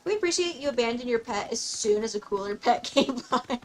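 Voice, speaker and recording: A young woman is livestreaming a game and chatting away in a high, bubbly voice. She keeps things playful, giggling often and slipping into mock-formal phrases. A faint hiss sits under her talk. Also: lively intonation, fairly quick, poor audio. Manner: playful, giggly, rambling, mock-old-fashioned asides. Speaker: streamer. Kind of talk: casual gameplay commentary.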